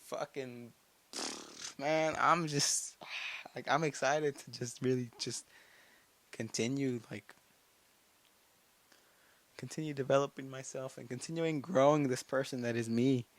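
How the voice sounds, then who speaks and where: A teenage guy talks straight into his solo podcast, pumping himself up with blunt, profane encouragement. He circles back on the same phrases over and over, mid-pitched and unpolished. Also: steady tone, a little slow, pauses often. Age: late teens. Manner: fired-up self-talk, heavy swearing, repeats phrases. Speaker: podcast host. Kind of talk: casual solo motivational podcast monologue.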